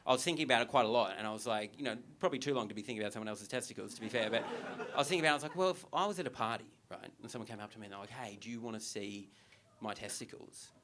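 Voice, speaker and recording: A man's voice: mid-range voice, rapid-fire, slight background noise. A young Australian man performing a stand-up comedy routine on stage, telling a story and acting out the lines of the people in it. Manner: animated storytelling with acted-out quotes. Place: theatre cafe stage with a live audience.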